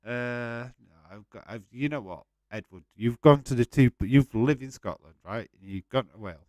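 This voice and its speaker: A man's voice: mid-range voice, measured pace, darkish tone, no room sound. A man hosting a casual live-stream watch-along, chatting to viewers by name, laughing often and swearing freely.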